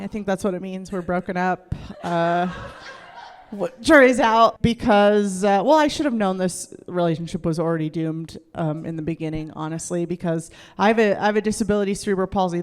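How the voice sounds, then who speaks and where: A woman's voice: medium pitch, clear, resonant tone, long reverb tail. A woman doing stand-up on a club stage, crude and candid, laughing at herself often. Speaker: stand-up comedian. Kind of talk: stand-up comedy set.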